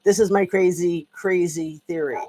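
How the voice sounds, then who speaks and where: A woman's voice: lowish voice, fairly even intonation, moderate pace, mellow. Rambling, chatty woman vlogger. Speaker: political commentary vlogger. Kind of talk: casual commentary monologue. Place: at home with a dog.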